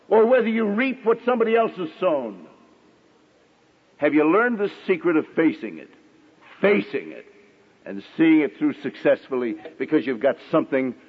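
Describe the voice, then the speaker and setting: Middle-aged male preacher, high husky voice, wildly animated delivery, acts out characters, muffled radio-era recording. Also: big-room sound. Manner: dramatic pauses, acts out quoted voices. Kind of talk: sermon.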